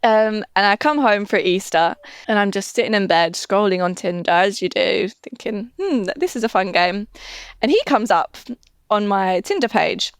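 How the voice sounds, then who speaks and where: A woman's voice: mid-range voice, normal speed, clean tone, dry recording, clean studio sound. A young woman in her twenties, telling a dating story casually, laughing and acting out quotes. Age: 20s. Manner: chatty, laughs often, acts out quotes. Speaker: podcast guest.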